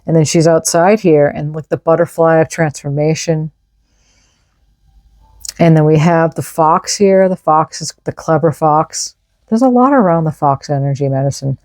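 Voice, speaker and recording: Low, mellow-voiced woman tarot reader. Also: normal speed, no room sound. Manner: enthusiastic, reads card messages aloud. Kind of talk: casual tarot reading.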